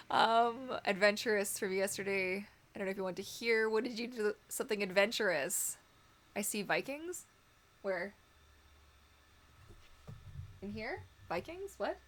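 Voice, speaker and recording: A woman's voice: mid-range voice, a little slow, pauses often, a bit bright. A young woman hosting a casual live stream, chatty and giggly, with lots of "like" and "um" fillers. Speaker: livestream host.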